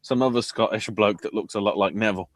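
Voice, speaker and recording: A man's voice: fairly low pitch, quick pace, no room sound. A man co-hosting a podcast in casual, profane chat, often acting out quoted lines. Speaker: podcast co-host.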